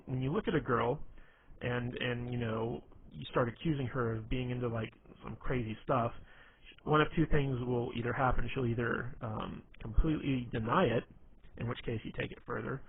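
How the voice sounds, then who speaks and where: A man's voice: mid-range voice, normal speed. A man talks through dating advice in a loose, rambling way, with plenty of fillers and restarts. The sound is thin and tinny like a phone line, with a faint hiss underneath. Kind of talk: casual instructional talk.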